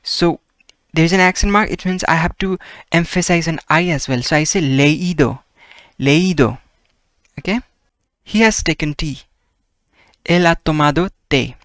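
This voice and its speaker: A man's voice: fairly high pitch, moderate pace, pauses often, a bit bright, clear, resonant tone, no room sound. A man explaining grammar in a Spanish lesson, patiently going through each rule and asking "okay?" and "right?" as he goes. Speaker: Spanish teacher.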